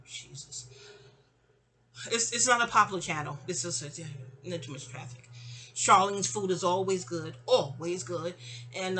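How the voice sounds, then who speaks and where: A woman's voice: lowish voice, bright, forceful tone. A middle-aged woman telling a long personal story in a casual, rambling way, often digressing. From New York.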